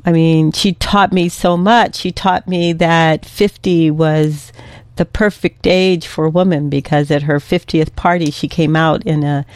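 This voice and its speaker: A woman's voice: sits low, fairly even intonation, a little slow, no echo. Earnest woman hosting a radio talk show. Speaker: host.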